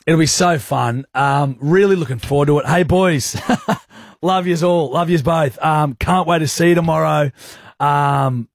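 A man's voice: fairly high pitch, unhurried, no room sound, clean studio sound. A man with an Australian accent hosting radio, teasing his co-host in cheeky, mocking banter and laughing often.

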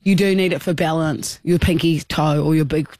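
A man's voice: on the high side, fairly even intonation, moderate pace, a little mellow, dry recording. An Australian man co-hosting a radio show, cheeky and teasing in casual banter, on a studio mic. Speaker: radio co-host.

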